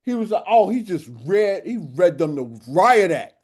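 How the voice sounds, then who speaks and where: A man's voice: sits high, a little slow. Blunt, fired-up middle-aged man telling a story. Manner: animated storyteller, blunt and profane. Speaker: co-host and youth club leader. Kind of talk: casual panel discussion.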